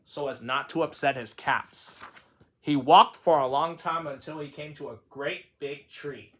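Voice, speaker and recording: A man's voice: on the high side, measured pace, a bit bright. A man reading a children's picture book aloud in a sing-song, playful storytelling manner. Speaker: storybook reader.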